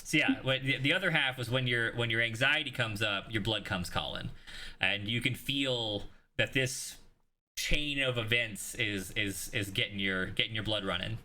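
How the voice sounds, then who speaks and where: A man's voice: medium pitch, normal speed, pushed and bright. A man narrating as game master, rambling with fillers and restarts and casual swearing.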